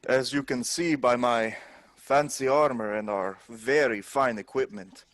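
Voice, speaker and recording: A man's voice: medium pitch, steady tone, unhurried, fairly bright tone, no room sound, close to an everyday voice. A man voicing a dwarf adventurer during a tabletop game, speaking formally and persuasively. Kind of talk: in-character tabletop role-play.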